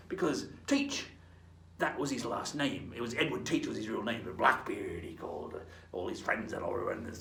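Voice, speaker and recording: A man's voice: medium pitch, creaky, a bit bright. A man presenting a pirate lesson for children, telling tales with dramatic whispers and pirate growls. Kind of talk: storytelling lesson for kids in pirate character. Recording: roomy echo.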